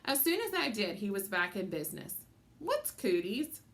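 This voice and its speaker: A woman narrating a children's audiobook with an animated, expressive delivery. Her pitch moves freely up and down as she tells the story. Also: fairly quick. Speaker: audiobook reader.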